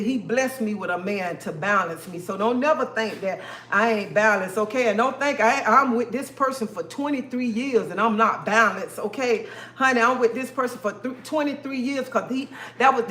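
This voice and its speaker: A woman's voice: a little high, a bit bright. A woman hosting a live stream, talking straight to her viewers in an emphatic, repetitive way and calling them honey and baby. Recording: echoey room.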